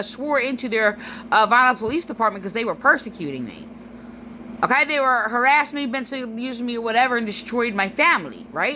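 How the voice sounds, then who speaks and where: A woman's voice: a little high, sharp tone, a little hiss or hum, rough recording. A tearful woman rambling through a personal vlog monologue, full of restarts and fillers.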